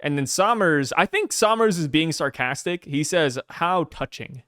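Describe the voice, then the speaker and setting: A man on a podcast retelling a chapter and acting out its characters in put-on voices. His slightly high voice swings widely in pitch. The sound is dry and close. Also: lively intonation, normal speed, bright, forceful tone, clear, resonant tone, no room sound. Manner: acts out characters in put-on voices while recapping. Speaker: podcast co-host. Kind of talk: casual chat, retelling a comic chapter.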